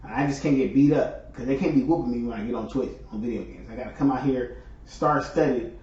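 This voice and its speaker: A man's voice: mid-range voice, fairly quick, a little mellow. A man hosting a livestream, chatting loosely with his viewers and greeting them by name. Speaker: livestream host. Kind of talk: casual chat with viewers. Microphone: far from microphone. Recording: echoey distant lo-fi room sound.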